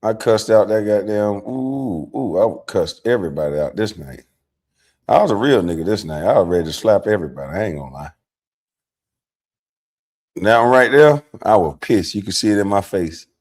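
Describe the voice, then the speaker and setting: Middle-aged man, livestream host, casual storytelling, profane, animated, low mutters to loud outbursts. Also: moderate pace.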